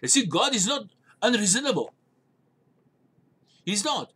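A man's voice: sits high, big pitch swings, a little slow, bright, forceful tone, husky. A man preaching a sermon as a pastor, urging listeners with emphatic, repeated commands. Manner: emphatic, repetitive exhortation.

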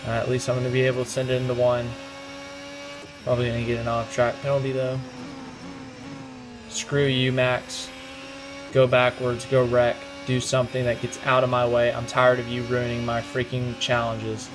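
Young man, gaming commentary, frustrated rants, mid pitch, game music underneath. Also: monotone. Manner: frustrated, ranting, quick outbursts. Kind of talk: live gameplay commentary.

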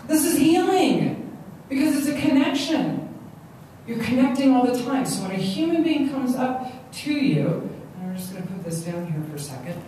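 A woman gives an animated motivational talk, often repeating herself. Her voice is mellow and sits at a middle pitch. It comes from a distance in a very echoey hall, with faint noise behind. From Long Island, New York. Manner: animated, repeats words, acts out quotes. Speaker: stress management speaker.

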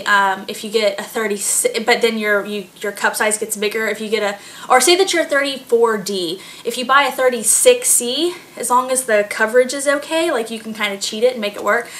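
A pregnant vlogger in her late twenties chats casually with her audience, giggling often and filling her talk with fillers. Her voice is medium-pitched with a sharp tone.

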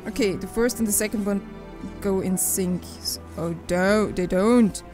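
A young woman hosting a let's play, reacting excitably, exclaiming and talking back to the game as she plays. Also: mid-range voice, a little slow, music in the background, rough recording. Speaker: gaming channel host.

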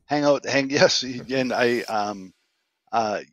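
A man's voice: mid-range voice, slow, no room sound. A man in his fifties with a Boston accent, a guest telling stories with jokes and punchlines. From greater Boston, USA. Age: 50s. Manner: jokey storyteller with punchlines. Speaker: guest entrepreneur. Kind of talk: casual interview chat.

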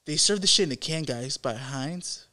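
Male podcast co-host, disbelieving and profane, with a bright, slightly high voice. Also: lively intonation, moderate pace. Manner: incredulous, profane, laughing. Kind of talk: casual comedic banter.

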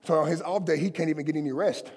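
Male pastor, high voice, passionate conversational sermon, church hall reverb. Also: fairly even intonation, fast talker, creaky, a little mellow, husky. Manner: impassioned, conversational preaching with colloquial asides. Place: church sanctuary.

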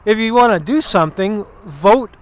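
High-voiced man ranting while walking outdoors. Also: lively intonation, moderate pace. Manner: rambling, profane, sarcastic asides. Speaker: political vlogger. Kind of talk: casual political commentary.

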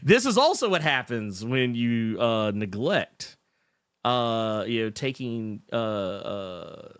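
A man's voice: medium pitch, very animated, slow pace, fairly bright tone, smooth, no room sound. A man hosting a casual livestream, reading chat messages in a rambling, self-interrupting and emotional way. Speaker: podcast host reading live chat.

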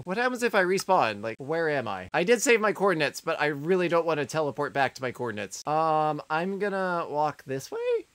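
A woman hosting a comedic game video, chatty and excitable, talking to the creatures she meets. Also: low-pitched, a little fast, hardly any pauses, no room sound. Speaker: gaming video host. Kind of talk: comedic let's-play commentary.

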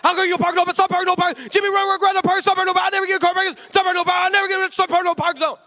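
A man putting on the voice of an agitated man yelling at a towing lot, in frantic, repetitive, broken phrases. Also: very high voice, level tone, rapid-fire, voice pushed up. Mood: frantic, shouting. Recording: long hall reverb.

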